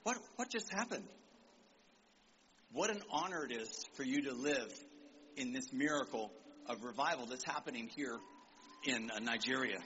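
A man preaching an animated sermon to young people at a church service, calling out for amens and acting out quotes. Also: medium pitch, normal speed, lo-fi sound, slight background noise. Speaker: visiting preacher.

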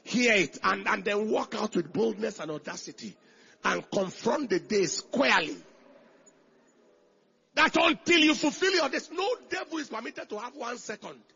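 A man preaching a sermon with emphasis, repeating phrases and swinging from hushed lines to shouted declarations. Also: sits high, animated, normal speed, vocal fry, husky, dull audio. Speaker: pastor.

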